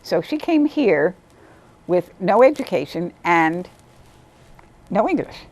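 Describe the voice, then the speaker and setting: A woman, a volunteer literacy tutor, telling stories about her students in a lively interview, sometimes acting out what they said. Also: slow. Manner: animated, acts out quotes in a higher voice. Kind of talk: storytelling interview.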